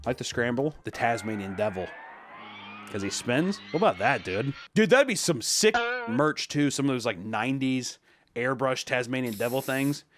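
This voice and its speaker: A man's voice: mid-range voice, expressive, normal speed, a bit bright, slight background noise. A man reading a list aloud and riffing on it with casual, joking commentary, swearing and breaking into silly voices. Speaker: YouTube commentator.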